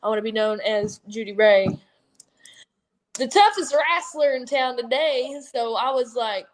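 A twenty-one-year-old woman from Kentucky with an Appalachian accent, a wrestler talking loudly and rambling in an interview. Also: on the high side, animated, measured pace. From Kentucky, USA. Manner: loud, rambling, self-deprecating. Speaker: professional wrestler. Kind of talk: casual interview chat.

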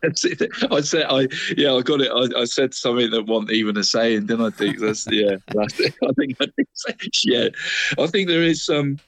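A man's voice: mid-range voice, normal speed, slight background noise. Chatty man who keeps saying "mate". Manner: chatty, says "mate" constantly, apologetic and excitable. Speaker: co-host of a local football podcast. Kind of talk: casual chat.

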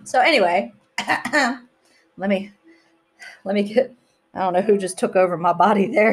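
A woman hosting her own podcast, talking in a chatty, rambling way and poking fun at herself as she goes. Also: lowish voice. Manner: chatty, rambling, self-mocking. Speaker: podcast host. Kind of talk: casual solo podcast chat.

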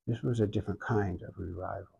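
An older man from Oklahoma with an Oklahoman accent, telling his own story in an interview in a reflective, unhurried way with soft asides. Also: low-pitched, fairly even intonation, gravelly, breathy edge, muffled recording.

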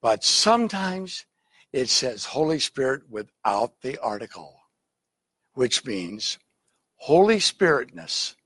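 A man preaching a teaching sermon as a pastor, animated and often checking that his listeners follow along. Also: mid-range voice, slow, husky, no room sound.

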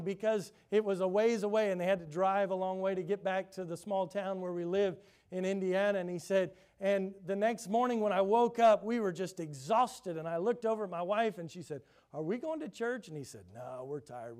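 A male pastor preaching a sermon, telling a story and quoting the people in it, sometimes dropping to a hush. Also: high voice. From grew up in a big city. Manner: storytelling, quoting others in shifting voices, drops to a hush.

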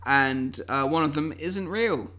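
A man's voice: on the high side, measured pace, bright, forceful tone. A man co-hosting a casual chat, playfully reading out game descriptions and laughing often. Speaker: podcast co-host presenting a guessing game.

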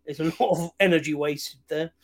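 A man's voice: a little high, fairly even intonation, brisk. A man co-hosting a film review podcast, chatting in an easygoing, agreeable way. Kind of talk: casual chat.

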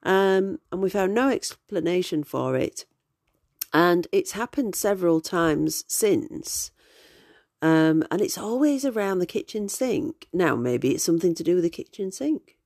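A woman's voice: fairly low pitch, lively intonation, unhurried, a little mellow, no room sound. A middle-aged woman hosting a podcast, telling her own stories in a chatty, digressive way. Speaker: podcast host. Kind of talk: casual storytelling monologue.

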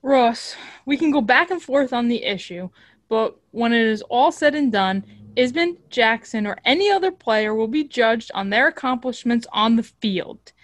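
A woman reading the part of a male team executive in a casual script read, measured and formal. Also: on the high side, lively intonation, dry recording, natural voice. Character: male team executive defending his player.

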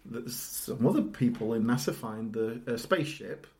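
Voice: mid-range voice, animated, normal speed, a little mellow. A British speaker in a casual film chat who picks apart the story thoughtfully and laughs along.

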